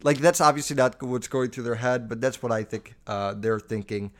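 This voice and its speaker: A man's voice: medium pitch, normal speed. Male podcast host, blunt and profane, rambling casual rant. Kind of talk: casual ranting commentary.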